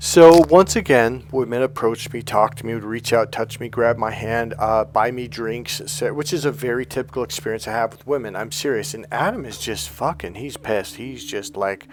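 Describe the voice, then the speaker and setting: Animated male dating coach telling stories. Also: medium pitch, moderate pace, few pauses, slight background noise. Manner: animated storyteller, acts out quoted dialogue, swears freely. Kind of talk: storytelling monologue to camera.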